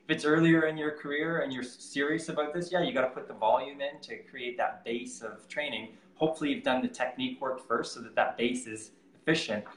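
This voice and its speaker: A man's voice: mid-range voice, a little fast, hardly any pauses. A man who works as a triathlon performance coach, talking casually and with energy in an interview and laughing easily. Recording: roomy echo.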